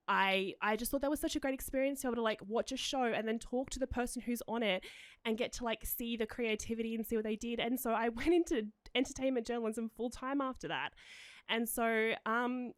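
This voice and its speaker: This woman rattles through her story at a quick clip, her voice sitting a little high. She is a podcast host in her thirties, chatting excitably and laughing as she goes. The sound is close and dry, with no room around it. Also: dry recording. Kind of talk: casual chat.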